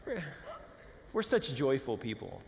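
A man from California preaching a sermon as pastor, emphatic and swinging between loud declarations and hushed asides. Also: medium pitch, wildly swooping pitch, unhurried, creaky, long reverb tail, background noise. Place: church sanctuary.

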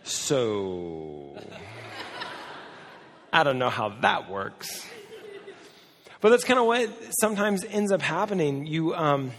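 A man's voice: on the high side, very animated, slow, long pauses, a bit bright. A middle-aged American man, a pastor, telling a chatty, self-deprecating story in a sermon, his voice cracking now and then. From United States. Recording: long hall reverb.

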